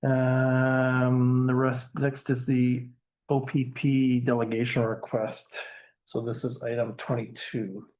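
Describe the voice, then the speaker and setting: A man's voice: medium pitch, completely flat delivery, takes it slowly, a little mellow. Plainspoken man chairing a council meeting. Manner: casual, plainspoken, dry asides. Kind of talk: running a council meeting agenda. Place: council chamber.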